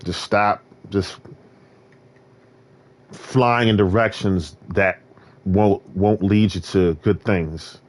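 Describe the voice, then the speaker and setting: A man streaming, talking in a rambling rant that swings between loud outbursts and low muttering. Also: steady tone, slow pace, long pauses.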